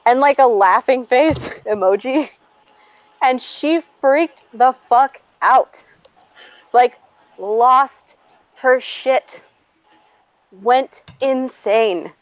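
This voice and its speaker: Woman, casual storytelling, animated and profane, dry dull recording. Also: high voice, dry recording. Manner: animated, profane, quick to act out quotes. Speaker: podcast co-host.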